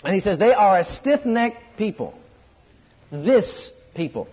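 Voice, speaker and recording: A man preaching a sermon, reading scripture slowly and swinging between loud, high declarations and low, quiet asides. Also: big pitch swings, slightly rough. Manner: rising and falling preaching cadence, drawn-out scripture readings. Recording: muffled lo-fi sermon recording.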